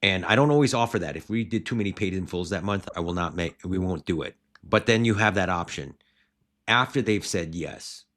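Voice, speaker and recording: Speaking a little fast in a low-pitched voice, a man who owns martial arts schools coaches other school owners on a podcast. He's animated and rambling and often restarts his sentences.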